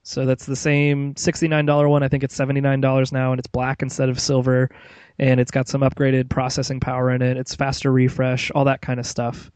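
A man's voice: medium pitch, monotone, a little fast, darkish tone, clean tone, dry recording. A man hosting a casual tech podcast, rambling and opinionated, with plenty of fillers. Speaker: podcast host.

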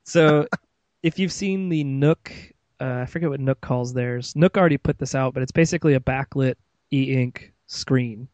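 A man's voice: medium pitch, moderate pace, darkish tone, no echo, dull audio. A man hosting a casual tech podcast, rambling and opinionated, with plenty of fillers. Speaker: podcast host.

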